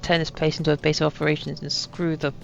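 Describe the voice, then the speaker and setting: A woman's voice: low-pitched, level tone, quick pace, creaky, slight background noise. A woman giving chatty, wry commentary on her own game, full of self-mocking asides. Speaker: gaming channel host. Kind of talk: casual gameplay commentary. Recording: dull lo-fi sound with faint ambience.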